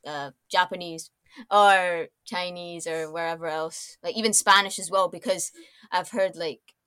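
A woman's voice: on the low side, fairly even intonation, unhurried, fairly bright tone, clean tone, dry recording. A young woman with a Scottish accent, a podcast guest chatting casually and rambling through many fillers and restarts. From Scotland. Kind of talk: casual chat.

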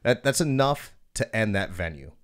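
A young man hosting a casual chat, telling stories with lots of swearing and lively acted-out quotes. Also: lowish voice, normal speed, clear, resonant tone. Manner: profane, animated storyteller. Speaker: podcast host.

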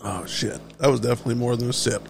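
A man's voice: medium pitch, steady tone, fast, creaky, a little hiss or hum. A man giving a casual, blunt ranting monologue, swearing freely and talking offhand as a solo show host. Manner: blunt, heavily profane, offhand.

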